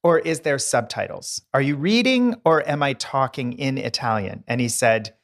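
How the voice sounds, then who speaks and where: A man's voice: mid-range voice, lively intonation, moderate pace. A middle-aged man talks easily on a podcast. He tells his stories with playful asides, switching into silly voices as the punchline lands. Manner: chatty raconteur, playful voice impressions. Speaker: podcast co-host, decorator. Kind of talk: casual chat.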